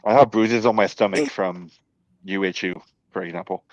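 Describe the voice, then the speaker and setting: A man guest scare actor telling about auditions in a lively, casual way. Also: low voice, moderate pace, no room sound. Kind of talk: casual podcast chat. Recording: dull, dry lo-fi audio.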